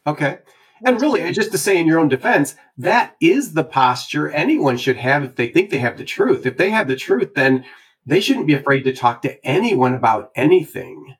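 Man hosting an interview, kinda husky, calm and affirming. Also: fairly high pitch, moderate pace. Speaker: host.

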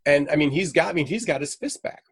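A man's voice: fairly high pitch, fairly quick, husky, no echo. A middle-aged man, a missionary guest, telling a story in conversation and acting out the quoted lines with energy. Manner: animated, acts out quoted dialogue.

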